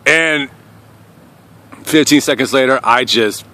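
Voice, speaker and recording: A young man telling a crude personal story to camera in a casual, rambling way, often trailing off quietly. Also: mid-range voice, slow pace, a little hiss or hum. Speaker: vlogger.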